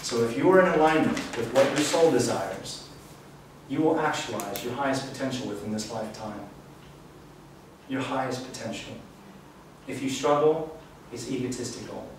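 A man's voice: medium pitch, moderate pace. A man giving a live spiritual talk to an audience in an event room, speaking in an earnest, reflective teaching tone. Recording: echoey room, distant mic, faint hiss.

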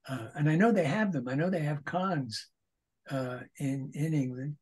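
A man in his eighties, a voice actor guest, telling animated anecdotes in a casual interview, with frequent restarts. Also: on the high side, normal speed, husky. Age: 80s.

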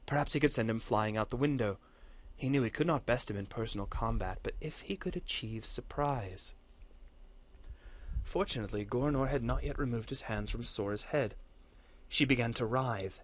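A man, a course instructor, reading a fantasy story aloud with earnest, steady storytelling and the odd slip. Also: medium pitch, moderate pace.

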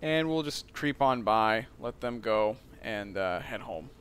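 A man's voice: lowish voice, animated, measured pace, fairly bright tone, a little hiss or hum. A young man casually commenting on a submarine game, joking and rambling with self-mocking asides. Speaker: let's play host.

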